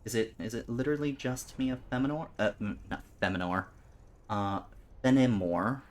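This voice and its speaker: A man's voice: mid-range voice, a little slow. A man streaming live, chatting casually with his viewers in a rambling way, often stumbling and repeating words.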